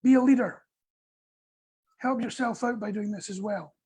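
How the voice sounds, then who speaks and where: A Scottish man leading a dog training workshop, talking casually in an animated, joking way and acting out little scenes. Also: high voice, moderate pace, husky, low-quality recording. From Scotland. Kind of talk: casual instructional talk. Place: small indoor workshop room.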